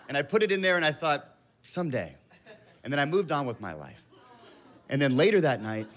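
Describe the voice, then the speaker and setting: A man's voice: fairly high pitch, a bit bright. A man in his thirties telling a rambling, self-mocking story as a stand-up comedian on a club stage. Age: 30s.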